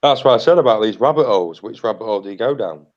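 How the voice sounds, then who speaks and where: A man's voice: fairly low pitch, expressive, very fast, darkish tone, lo-fi sound. A British man hosting a livestream in casual chat, blunt and repetitive, swearing freely. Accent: British English. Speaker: livestream host.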